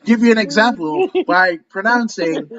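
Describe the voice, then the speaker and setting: A man's voice: high voice, normal speed, muffled recording, a crowd in the background. A man co-hosting a casual fight preview chat, rambling and joking with plenty of swearing. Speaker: co-host.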